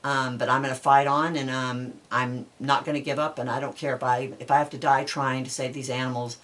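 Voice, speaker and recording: A woman's voice: extremely low pitch, level tone, fairly quick, a bit bright. A woman talking to her supporters in an advocacy vlog, earnest and urging, with a heartfelt way of speaking. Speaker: animal welfare advocate. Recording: voice a bit distant from mic.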